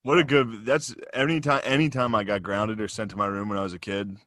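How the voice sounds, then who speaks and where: A man's voice: fairly low pitch, fairly even intonation, fairly quick, a bit bright, dry recording, clean studio sound. A man co-hosting a podcast over a remote call, riffing and teasing his guests. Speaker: podcast co-host. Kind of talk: casual chat. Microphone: remote call mic.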